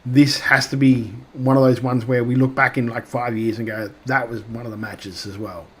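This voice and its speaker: A man's voice: mid-range voice, level tone, moderate pace, husky. Rambling Australian man, podcast chat. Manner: rambling, filler-heavy, lots of restarts. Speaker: podcast co-host. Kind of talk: casual wrestling podcast chat.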